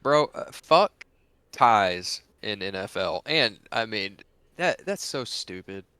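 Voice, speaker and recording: Animated dude cohosting a sports podcast, jokey and teasing, dry close sound. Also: male voice, lowish voice, takes it slowly, clear, resonant tone, no echo. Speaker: podcast co-host. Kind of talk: casual sports chat over drinks.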